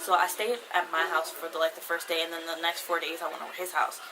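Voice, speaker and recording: A woman's voice: on the low side, level tone, fast. Chatty young woman, noisy background. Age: 20s. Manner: chatty, rambling, heavy use of "like". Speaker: vlogger. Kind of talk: casual storytime to camera.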